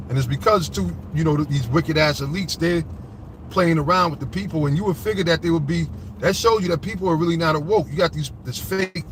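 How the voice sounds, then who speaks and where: A man preaching fervently from scripture, rambling and swearing and often asking his listeners "all right?" He reads the verses slowly and gets louder and higher when agitated. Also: slight background noise. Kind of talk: fiery street-style scripture commentary.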